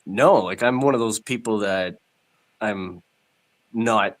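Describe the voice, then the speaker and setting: A lowish-voiced man in his thirties from Canada talks through a stuffed-up nose from a cold. His casual livestream chat is blunt and full of swearing, and he laughs often between points. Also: takes it slowly. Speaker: stream guest.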